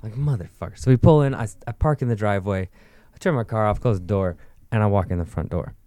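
Young man, very low voice, mellow dark tone, dry close sound, casual swearing storyteller. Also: fast talker, dry recording. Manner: profane, rambling, with frequent likes.

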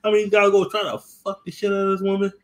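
A man's voice: sits high, flat delivery, quick pace, a bit bright. Profane New man telling stories. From US East Coast. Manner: profane, repetitive storytelling with acted-out quotes. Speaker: podcast host. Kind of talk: casual chat.

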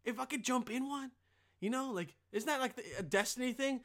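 A young man with a high, bright voice delivers a casual comedic rant. He talks like a podcast host, rambling and swearing freely, and breaks into loud, animated impressions. His tone is sharp and forceful. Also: brisk. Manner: rambling, profane, full of filler; animated, bursts into yelled impressions.

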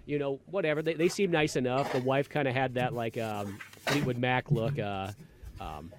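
A man hosting a podcast, telling a rambling, animated story in casual chat and acting out quotes in a raised voice. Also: medium pitch, normal speed, noisy background. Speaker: podcast host.

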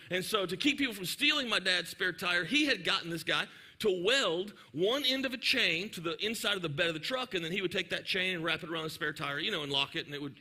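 Animated, bright-voiced preacher. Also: male voice, high-pitched. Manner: animated, joking, talks directly to the audience. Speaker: pastor. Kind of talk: sermon storytelling.

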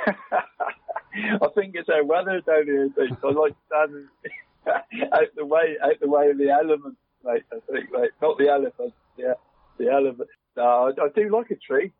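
A man's voice: a little high, husky, no room sound. A man, chatting casually as a podcast co-host, rambling and dropping "mate" into nearly every phrase. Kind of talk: casual chat. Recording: tinny dry phone line.

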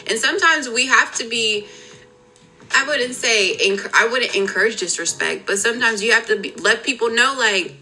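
A young woman chats casually as a podcast co-host, her voice bright and forward. She laughs often and talks in an animated, expressive way, with faint music underneath. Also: fairly high pitch, moderate pace, low-quality recording. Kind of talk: casual chat.

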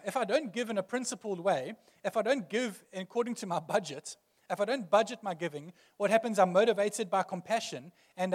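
A man's voice: high voice, long reverb tail. A male pastor preaching a sermon earnestly, building emphasis through repeated phrases.

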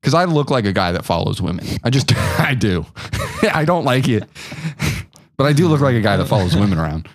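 A man's voice: lowish voice, very animated, fairly quick, no room sound, studio quality. A man co-hosting a podcast, telling self-deprecating stories in casual, rambling chat. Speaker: podcast co-host.

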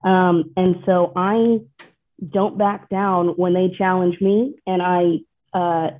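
A woman's voice: on the low side, fairly even intonation. Young Texan woman on a tinny line. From Texas. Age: young adult. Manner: thoughtful, measured, with frequent fillers. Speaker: guest, plaintiff lawyer. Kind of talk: casual interview conversation. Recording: tinny phone-like remote call audio.

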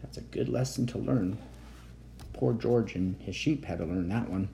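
A man reading a bedtime story aloud in a gentle, expressive way as the host of his own story show. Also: on the low side, normal speed, creaky, a little hiss or hum.

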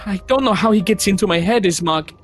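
A man voicing a frightened young noblewoman haunted by a vampire, stammering and halting. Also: fairly high pitch, expressive, soft background music, pitched above the performer's own voice. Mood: distraught. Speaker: game master voicing a character.

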